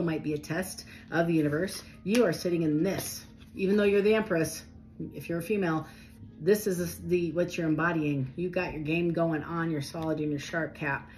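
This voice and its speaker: A woman giving a casual, animated tarot reading, talking straight to her viewers in a chatty way. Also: fairly low pitch, rough recording. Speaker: tarot reader.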